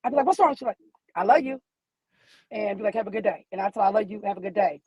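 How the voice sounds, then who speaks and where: Animated storytelling mother calling in. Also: medium pitch, fast, husky, no room sound, dull audio. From American Midwest. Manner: animated storyteller who acts out dialogue. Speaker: guest caller, mother. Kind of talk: emotional personal account by phone from her car. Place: in a car.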